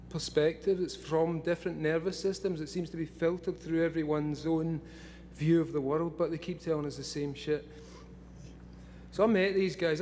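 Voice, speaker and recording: Excitable profane Scottish man in his forties. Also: on the high side, a little hiss or hum. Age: 40s. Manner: profane, laughing often, excitable. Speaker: speaker at a live event. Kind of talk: rambling talk to a live audience.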